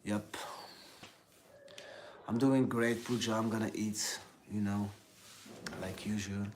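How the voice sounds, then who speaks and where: A man from Algeria with an Algerian accent, chatting casually on a livestream in halting English full of fillers and repeated words. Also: lowish voice, level tone, darkish tone, slight background noise. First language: Algerian Arabic. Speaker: livestream host.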